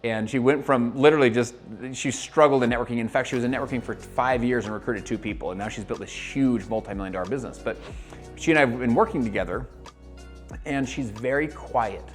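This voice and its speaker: A man giving an energetic motivational talk to the viewer as a network marketing coach, acting out quoted voices as he goes. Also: mid-range voice, a little fast, soft background music.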